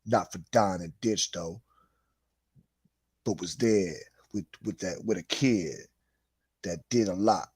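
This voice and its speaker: A man putting on a low, whispery voice for a young man recalling his time in juvenile hall. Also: takes it slowly, pauses often, a little mellow, breathy edge, studio quality, exaggerated voice. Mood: hushed.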